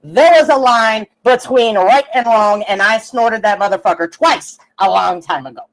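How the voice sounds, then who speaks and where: A woman's voice: fairly high pitch, moderate pace, rough recording. A young woman ranting on her livestream, brash and profane, laughing and mocking as she goes. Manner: brash, swearing, laughing, sarcastic. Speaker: livestream host.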